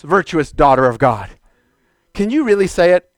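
A man preaching a fervent sermon in a church, exhorting the congregation and shouting declarations. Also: high-pitched, big pitch swings, normal speed, dry recording, studio quality.

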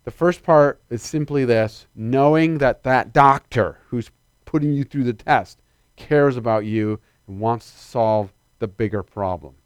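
A middle-aged man preaching a sermon with lively calls to his congregation. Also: mid-range voice, a little slow, clean tone, no room sound, clean studio sound.

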